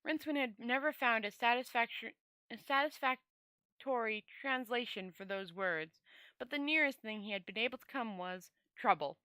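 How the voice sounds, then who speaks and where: A woman host reading a novel aloud to her viewers in a chatty, relaxed way, stumbling and rereading words now and then. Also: fairly high pitch, moderate pace, no echo. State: dry throat. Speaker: storyteller host. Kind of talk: reading a novel aloud, casual sign-off chat.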